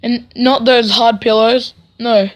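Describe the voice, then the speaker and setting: A man's voice: very high voice, fairly even intonation, slow. A teenage boy telling a storytime vlog in a rambling, sarcastic way, with frequent "right?" asides. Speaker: vlogger.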